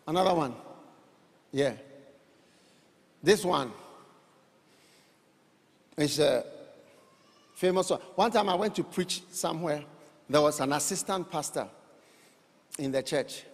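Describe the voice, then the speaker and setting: A man's voice: on the high side, a little slow, long pauses. Male pastor preaching, playful questions to the crowd, long reverby church sound. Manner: animated, rhetorical, teasing the congregation. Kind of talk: sermon. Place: church hall.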